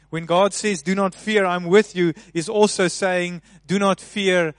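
A man preaching a sermon, swinging between soft, hushed passages and loud, emphatic ones. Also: high-pitched, fairly even intonation, measured pace, few pauses, no echo.

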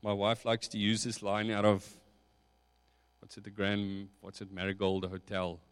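A man's voice: fairly low pitch, completely flat delivery, clear, resonant tone. Man preaching in a reverberant hall. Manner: slow, reflective preaching with rising emphasis. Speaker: pastor. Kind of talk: sermon.

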